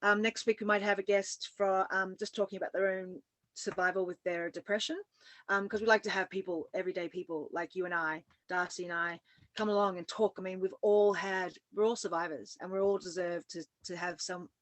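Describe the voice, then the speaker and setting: A woman's voice: medium pitch, fairly even intonation, brisk, no echo. A woman co-hosting a casual talk, chatty and upbeat, who giggles a lot. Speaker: podcast co-host. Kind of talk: casual conversation.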